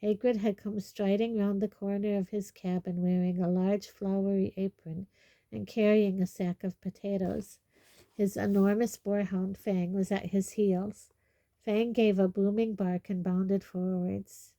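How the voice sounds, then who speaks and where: Woman with a mellow dark voice reading a story. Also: medium pitch, level tone, measured pace, no echo. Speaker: audiobook reader. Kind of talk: storybook narration.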